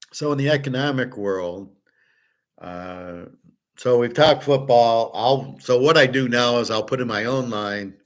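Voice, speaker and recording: A man's voice: fairly low pitch, a bit bright. A middle-aged man hosting a casual monologue, rambling and blunt, swearing freely. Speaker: host.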